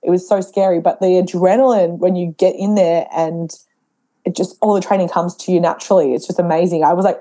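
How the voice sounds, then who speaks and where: A young pregnant woman telling stories as a podcast guest in a casual, animated way, acting out her own past dialogue. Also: on the low side, a little fast. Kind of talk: casual interview chat.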